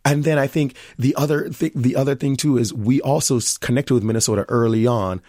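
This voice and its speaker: A middle-aged man with a Jamaican accent, a restaurant owner speaking as an interview guest, animated, with frequent laughs. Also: mid-range voice, brisk, no echo, clean studio sound. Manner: animated storyteller, laughs often, many restarts. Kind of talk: conversational interview.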